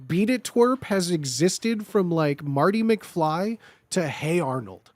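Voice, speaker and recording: A man's voice: high voice, expressive, takes it slowly, a little mellow, no room sound. A young man hosting a comedic tier-list show, riffing mock-seriously on catchphrases and repeating them in put-on voices. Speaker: host ranking phrases.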